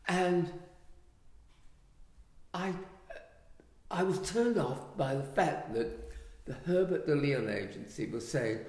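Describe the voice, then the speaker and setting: An older man from England, a writer and actor, telling animated anecdotes and acting out the voices he quotes. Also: on the high side, takes it slowly, pauses often. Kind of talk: anecdotal storytelling. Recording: echoey room with long reverb.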